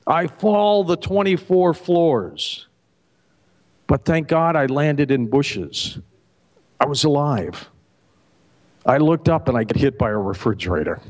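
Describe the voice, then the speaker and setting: A middle-aged man, a radio host, telling a long joke at a festival stage and acting out each character with sudden pitch jumps. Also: lively intonation, takes it slowly, long pauses. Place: festival stage before an audience.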